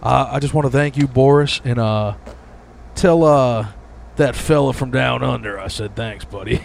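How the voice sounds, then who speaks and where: A man's voice: mid-range voice, gravelly, a little hiss or hum, lightly acted. A man impersonating a forgetful elderly male head of state who trails off and stumbles over a name. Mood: fumbling. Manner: halting, trailing off.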